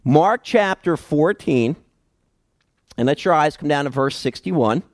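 Slow, emphatic male preacher. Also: a little high, animated, dry recording. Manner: slow, emphatic Bible exposition with dramatic pauses. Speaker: pastor. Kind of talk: sermon.

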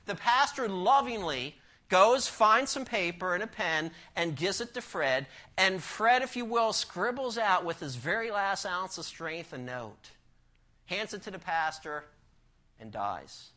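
A man's voice: sits high, expressive, a little slow, sharp tone. A man preaching a sermon, emphatic, asking the congregation rhetorical questions and telling a story.

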